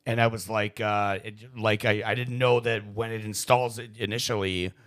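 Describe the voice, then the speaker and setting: A man's voice: on the low side, steady tone, normal speed, a bit bright. A man in his thirties telling a rambling, self-mocking story in casual chat, full of "like" and swearing. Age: 30s. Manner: rambling, laughing, lots of "like" fillers.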